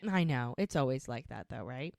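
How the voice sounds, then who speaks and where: A woman's voice: extremely low pitch, expressive, moderate pace, vocal fry, darkish tone, no room sound. A woman co-hosting a podcast, casually recapping an episode in a chatty, rambling way. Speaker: podcast co-host.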